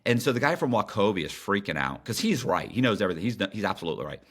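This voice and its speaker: A middle-aged man recounts a story as a podcast guest, his voice sitting a little low but leaping up and down as he gets into it. He talks casually, with slang, fillers and quick restarts mid-sentence. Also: very animated, a bit bright.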